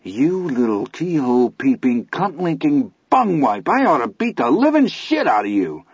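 A man's voice: on the high side, big pitch swings, normal speed, breathy edge, dry recording, voice pushed up, heavily acted. A man voicing a vulgar teenage bully who rants threats. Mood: threatening. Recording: dull lo-fi audiobook recording.

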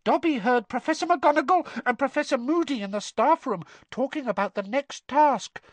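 A reader voicing an earnest male house elf in a squeaky, very high voice, eager, talking about himself in the third person and calling his listener sir. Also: moderate pace, no room sound, close to an everyday voice. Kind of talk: audiobook character voice.

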